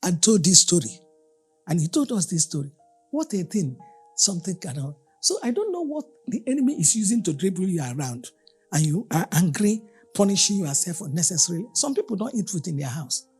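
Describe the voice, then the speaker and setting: A woman's voice: lowish voice, a little fast, breathy edge, soft background music. A woman pastor preaching a sermon, telling everyday stories and acting out the people in them. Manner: animated storyteller, acting out the people in her stories. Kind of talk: storytelling sermon.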